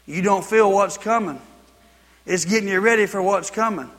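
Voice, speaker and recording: A man's voice: high voice, moderate pace, a bit bright, in a large hall. A man preaching a sermon. He tells folksy personal stories and builds to repeated exhortations. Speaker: pastor.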